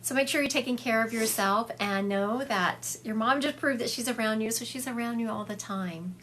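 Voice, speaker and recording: A woman's voice: on the high side, moderate pace, a bit bright, slight background noise. A woman, a psychic medium giving readings to viewers on a livestream from her home, chatty and affectionate, calling people honey and laughing often. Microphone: phone livestream.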